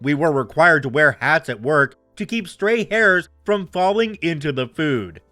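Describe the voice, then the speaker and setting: Lively, high-voiced man reading stories. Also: measured pace, no room sound, faint music behind. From Canada. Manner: animated storyteller with playful asides. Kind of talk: reading online stories aloud.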